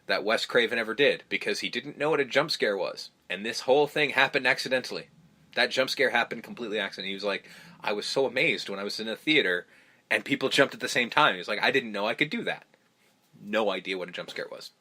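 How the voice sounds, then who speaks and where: A man's voice: on the low side, fast, sharp tone. A man hosting a podcast, recapping a film in casual, rambling chat full of ums, restarts and swearing. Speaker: podcast host.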